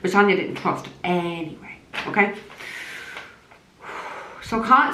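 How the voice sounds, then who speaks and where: A woman's voice: medium pitch, slow pace, long pauses, bright, forceful tone. An Irish woman, a psychic medium, ranting bluntly to camera, swearing heavily in a heated tone. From Ireland. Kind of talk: angry direct-to-camera rant. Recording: roomy echo.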